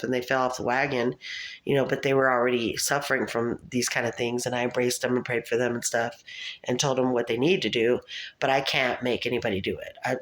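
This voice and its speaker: A woman talking to the camera in a casual, rambling monologue, chatty and laughing often. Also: very deep voice. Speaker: vlogger.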